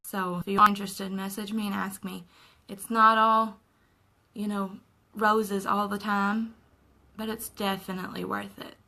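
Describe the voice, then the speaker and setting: Chatty woman with a bright, creaky voice. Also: mid-range voice, flat delivery, measured pace, rough recording. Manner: chatty, earnest and emotional, talks while doing her makeup. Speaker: makeup vlogger. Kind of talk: casual makeup tutorial chat. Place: at home.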